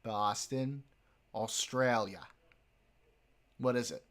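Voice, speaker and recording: A man's voice: medium pitch, slow pace, fairly bright tone. A man streaming live, chatting casually with his viewers, joking, swearing and laughing often.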